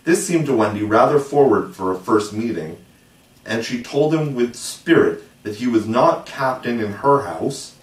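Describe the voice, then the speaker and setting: A man narrating a classic children's novel as an audiobook, measured and gently expressive. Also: medium pitch, recorded from a distance. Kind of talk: audiobook reading. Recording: roomy echo, voice set back from the mic.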